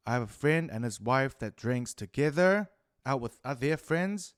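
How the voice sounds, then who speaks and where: A man with a New Zealand accent ranting profanely through a rambling solo monologue, swinging between loud outbursts and muttered asides. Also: medium pitch, animated, measured pace, clean tone, no room sound, clean studio sound. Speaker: podcast host.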